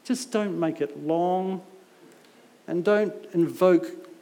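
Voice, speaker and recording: A man's voice: high-pitched, slow, warm tone. A middle-aged man preaching a sermon, telling stories with humorous, self-mocking asides, heard in a church hall. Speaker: visiting preacher. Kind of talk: anecdotal sermon. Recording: long echo of a large hall.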